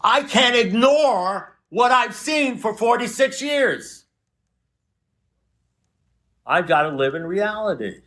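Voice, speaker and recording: A man's voice: high voice, animated, slow, pauses often, pushed and bright. A man in his seventies speaking to a recovery group, blunt and profane, mixing warnings with jokes. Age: 70s. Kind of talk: recovery meeting talk. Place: recovery meeting room with a group.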